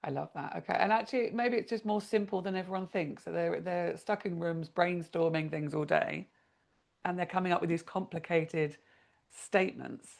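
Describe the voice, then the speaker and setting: A woman's voice: lowish voice, moderate pace, gravelly, darkish tone. A woman hosting a podcast who asks probing, encouraging questions. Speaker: podcast host. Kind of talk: podcast interview.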